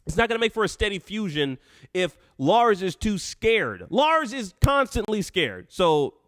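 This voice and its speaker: A man hosting a live call-in show, animated and laughing, often restarting his sentences. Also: sits high, measured pace, dry recording, studio quality. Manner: animated, laughs often, talks over himself.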